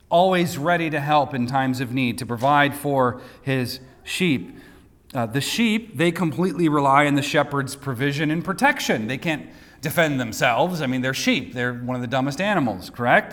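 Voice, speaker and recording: A man's voice: mid-range voice, a little slow, a bit bright. Man preaching in a reverberant hall. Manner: teaching, with light asides and repeated words. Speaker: pastor. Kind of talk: sermon.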